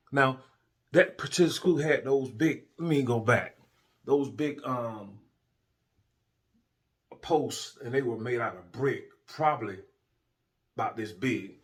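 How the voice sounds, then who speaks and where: Middle-aged guy, ex-cop, casual slangy storytelling, mid-pitched voice. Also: takes it slowly, long pauses. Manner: colloquial, animated retelling. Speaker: former police officer telling a story.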